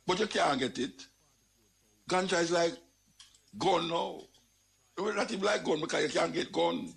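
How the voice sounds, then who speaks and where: An older Jamaican man holds forth in a loose, animated monologue, often circling back to repeat his words. His voice has a gravelly fry and sits a touch high for a man, and his pitch swings up on exclamations. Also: normal speed. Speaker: radio talk host. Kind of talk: casual monologue.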